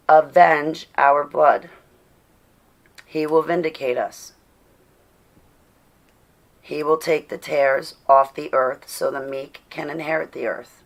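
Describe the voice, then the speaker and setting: A woman's voice: sits low, takes it slowly, pauses often. A tired woman hosting a casual livestream, preaching to and chatting with her viewers and laughing often. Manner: preachy, reads chat aloud, laughs often. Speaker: livestream host.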